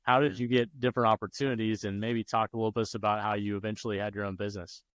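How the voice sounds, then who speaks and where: Even-toned male podcast host. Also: on the low side, quick pace, dry recording. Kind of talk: interview questions.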